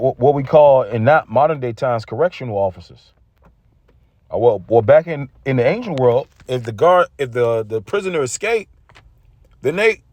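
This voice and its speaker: A man's voice: mid-range voice, darkish tone, dry recording. Intense ranting man, dry close sound. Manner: intense, repetitive, stumbling over words. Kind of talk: casual religious rant.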